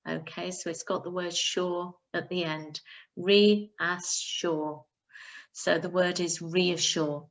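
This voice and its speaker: Slow, careful woman teacher. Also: lowish voice, little pitch movement. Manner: slow, careful, instructive, sounding out words. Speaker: primary school teacher. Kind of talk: recorded reading lesson for pupils.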